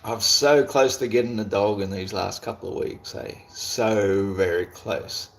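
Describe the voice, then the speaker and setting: Aussie streamer, male, laid-back rambler, deep gravelly voice, light swearing. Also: a little slow. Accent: Australian. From Australia. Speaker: livestream host. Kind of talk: casual chat while reading viewer comments.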